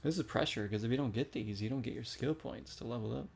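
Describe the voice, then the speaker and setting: A man's voice: mid-range voice, fast, vocal fry, a little mellow, slightly rough. A man giving casual, chatty commentary while playing a video game and reacting aloud to each shot. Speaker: gaming streamer.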